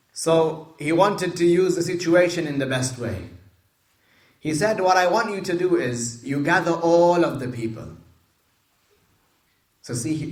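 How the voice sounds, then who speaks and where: A man with a fairly high voice retells a religious story to listeners. He repeats himself for emphasis, stops to explain Arabic words and puts questions to the room. The room gives his voice a roomy echo.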